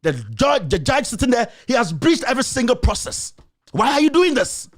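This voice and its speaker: A man's voice: extremely high pitch, big pitch swings, normal speed. A man with a Ghanaian accent hosting a show, delivering impassioned political commentary full of rhetorical questions and confrontation. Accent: Ghanaian English. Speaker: host.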